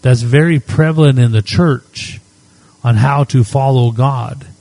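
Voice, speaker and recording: Slow, mellow-voiced middle-aged pastor. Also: male voice, medium pitch, no echo, poor audio. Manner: unhurried, reflective storytelling with soft prayerful asides. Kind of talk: sermon with spoken prayer.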